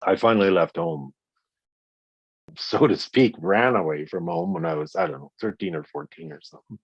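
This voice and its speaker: A man's voice: low voice, normal speed, husky, dry recording, lo-fi sound. A man in his sixties being interviewed, who tells his story bluntly and emphatically and swears often. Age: 60s. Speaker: guest, victim's father. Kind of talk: interview conversation.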